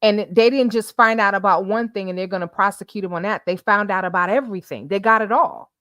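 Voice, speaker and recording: A woman hosting a livestream commentary show, talking in an animated, emphatic way with lots of repetition. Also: medium pitch, quick pace, no echo, clean studio sound.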